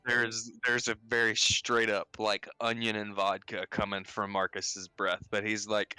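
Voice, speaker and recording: Bright-voiced man, dry close sound. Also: fairly low pitch, level tone, measured pace, few pauses, smooth, no room sound. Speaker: tabletop player. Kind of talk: casual in-character play.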